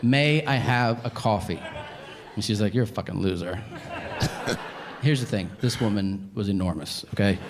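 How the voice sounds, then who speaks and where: A man's voice: fairly low pitch, unhurried, a crowd in the background, noisy background. A male stand-up comedian telling profane stories on stage, acting out the back-and-forth of each exchange. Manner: profane storyteller acting out exchanges in quoted voices. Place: comedy stage before a live audience.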